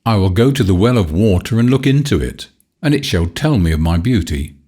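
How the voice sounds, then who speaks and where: Proud mean fairy-tale boy, hard scornful old-fashioned talk, read by a guy with a deep voice. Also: lively intonation, fairly quick, dark tone, husky. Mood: remorseful. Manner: hard, scornful, archaic speech. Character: proud cruel boy, the star child.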